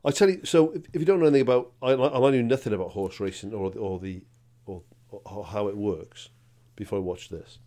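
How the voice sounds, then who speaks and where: Fast-talking, mellow-voiced podcast man. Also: fairly low pitch. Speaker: podcast co-host. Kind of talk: casual chat.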